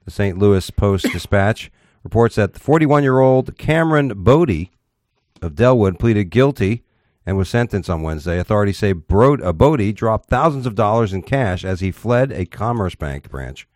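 A man's voice: fairly low pitch, expressive, normal speed, a little mellow, dry recording, studio quality. A man hosting a casual talk show, reading odd news stories aloud and giving blunt, profane opinions with stumbles.

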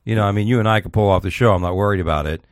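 A man's voice: on the low side, very fast, no echo, studio quality. A man hosting a podcast in casual chat, rambling and profane as he tells stories. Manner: profane, rambling, animated storytelling. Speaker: podcast host.

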